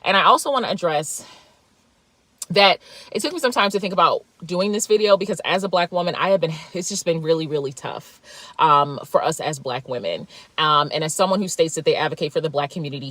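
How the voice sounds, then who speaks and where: A woman who founded mental health programs, speaking in a measured, hesitant way with pauses and fillers. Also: deep voice, fairly bright tone, no room sound. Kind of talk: recorded clip speaking to camera.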